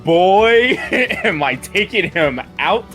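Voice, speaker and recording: A man playing a tabletop game who talks slowly, with a lively, swinging pitch. He is excitable, laughs often and swears freely, with faint music behind him. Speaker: player. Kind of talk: casual tabletop play.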